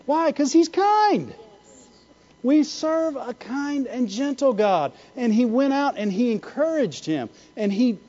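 A man's voice: very high-pitched, warm tone, highs cut off. A man preaching a sermon, asking the congregation "Amen?" and "Why?" again and again. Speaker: pastor.

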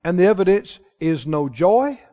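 Man preaching, high pitch, long hall reverb, dull lo-fi sound, shouting call-and-response. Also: sing-song, moderate pace. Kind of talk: sermon.

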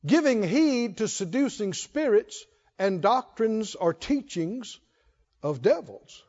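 A man preaching a sermon as pastor, calling for responses from the congregation and rising into shouts. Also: sits high, sing-song, slow, long reverb tail, dull audio.

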